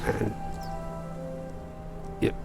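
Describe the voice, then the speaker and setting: A man's voice: extremely slow, loud music behind the voice. A man giving a wry, chatty commentary as he plays a video game, with self-mocking asides. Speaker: gamer. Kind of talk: let's play commentary.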